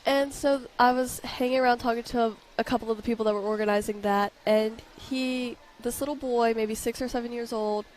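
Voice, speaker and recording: A young woman with a West Virginia accent, a youth fair princess telling lively stories as an interview guest. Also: a little fast, few pauses, slight background noise, poor audio. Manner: animated storyteller, acts out quotes with raised pitch.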